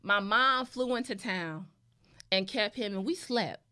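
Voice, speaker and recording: A woman's voice: mid-range voice, a little slow, bright, forceful tone, clear, resonant tone. A woman in her thirties telling a story in a casual chat and talking straight to the audience as y'all. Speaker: guest.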